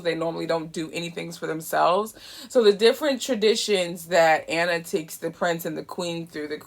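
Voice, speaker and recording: A woman reviewing holiday movies in an animated, chatty way. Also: fairly low pitch, gravelly. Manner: animated, chatty, laughs often. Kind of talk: casual chat review.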